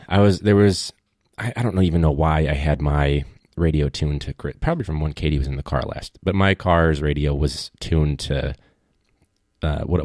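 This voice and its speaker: A man's voice: rumbling low, a little mellow, no echo, clean studio sound. A man who teaches at a public school, talking casually and rambling through a story with plenty of asides. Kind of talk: casual monologue.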